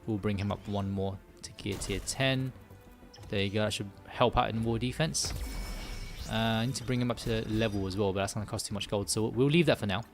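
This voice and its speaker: A man's voice: fairly low pitch, fairly quick, soft background music. A man streaming a mobile game live, thinking aloud as he manages his characters and often correcting himself. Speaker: gaming streamer. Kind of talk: casual live-stream commentary while playing.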